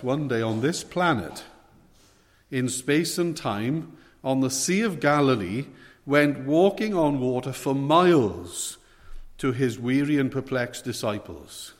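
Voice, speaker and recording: A man's voice: mid-range voice, animated, unhurried. A man preaching a sermon with emphatic, rising and falling delivery. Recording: long hall reverb.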